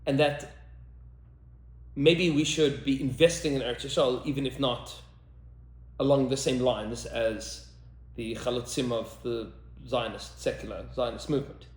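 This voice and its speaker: A man's voice: mid-range voice, steady tone, unhurried, roomy sound. A man, a rabbi, talking emphatically in a podcast discussion, repeating lines for effect and mixing in Hebrew terms. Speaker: rabbi and teacher.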